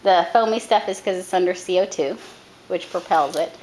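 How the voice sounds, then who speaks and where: A woman dog trainer giving a hands-on coaching demonstration outdoors, calm when she explains and brisk when she gives instructions. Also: fairly low pitch, rough recording. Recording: camera audio with loud background noise.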